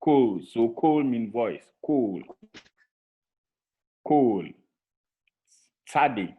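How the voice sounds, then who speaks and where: A man's voice: medium pitch, animated, drawn-out words. A man teaching a Hebrew vocabulary lesson to a class over a video call, patiently repeating each word for drilling. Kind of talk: online language lesson. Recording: tinny phone-like call audio.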